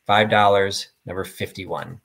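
A middle-aged man, talking in a chatty, rambling way as he hosts a live-stream sale. His voice sits a little low, and he pokes fun at himself as he goes. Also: steady tone, unhurried, vocal fry, fairly bright tone, a little hiss or hum. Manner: chatty, rambling, self-deprecating. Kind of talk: casual live-stream selling.

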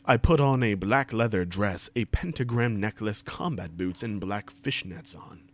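Using a desk mic on a voice call, a man reads fan fiction aloud to his friends in an over-the-top comic way, stumbling and swearing for laughs. His voice is fairly low, at normal speed.

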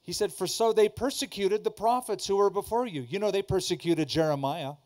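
Guy preaching in church, kinda high voice, punchy, repeats stuff and quizzes the crowd. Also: a little fast, darkish tone. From Southern California. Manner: emphatic, repeats key lines, asks the audience questions. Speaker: pastor. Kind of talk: sermon. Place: church before a congregation.

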